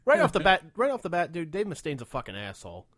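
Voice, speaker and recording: A man's voice: fairly high pitch, quick pace, no echo. A man co-hosting a casual podcast, swearing freely and acting out the people in his stories. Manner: profane, animated storyteller acting out quotes. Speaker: podcast co-host.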